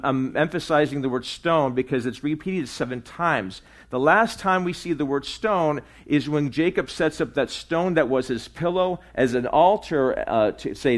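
A man teaching a sermon verse by verse. He talks in a loose, chatty way at a medium pitch, stumbling through fillers and restarts and tagging "right?" onto his points. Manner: conversational, frequent fillers and restarts, asks "right?". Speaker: pastor.

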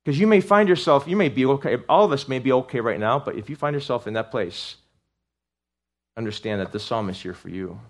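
Delivering a sermon in a medium-pitched, animated voice that runs a little fast, a male pastor speaks conversationally, restarting and making asides to the congregation. His earnest tone climbs to fervent peaks.

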